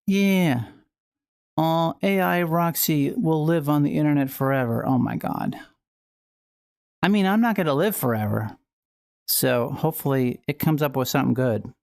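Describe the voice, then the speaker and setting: A woman's voice: low voice, normal speed, gravelly, darkish tone, no echo, studio quality. A woman hosting a casual livestream at home while playing VR, rambling and playful with frequent restarts. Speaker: livestream host.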